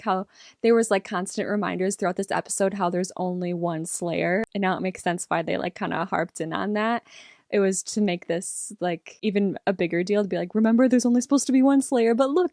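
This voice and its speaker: A young woman reacting to a TV episode, excitable and rambling as she thinks out loud. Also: medium pitch, dry recording, clean studio sound. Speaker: reaction vlogger.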